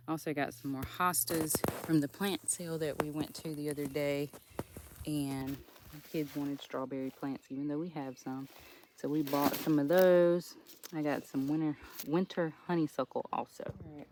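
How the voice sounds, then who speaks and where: Upbeat homesteader chatting through a garden tour outside, mid pitch, bit of faint hiss. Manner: upbeat and chatty, with small laughs. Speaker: homestead vlogger. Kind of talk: casual walking garden tour.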